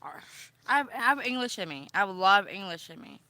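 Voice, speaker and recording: Bright-voiced woman rambling with many ums. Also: medium pitch, animated, no echo. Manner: meandering, many ums and trailing pauses. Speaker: vlogger. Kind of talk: rambling casual chat.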